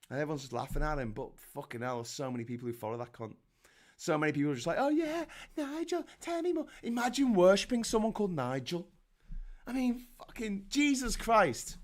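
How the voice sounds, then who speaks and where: A man from Liverpool hosting a sweary, sarcastic comedic rant, with mock voices and shouted peaks. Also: high-pitched. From Liverpool, England. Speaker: host.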